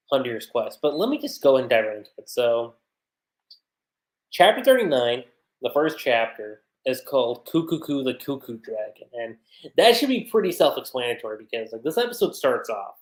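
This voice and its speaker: A man chatting casually on a livestream as an anime reviewer, speaking from his home desk setup in an animated way. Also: medium pitch. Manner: chatty, animated, acts out character lines in quick voices.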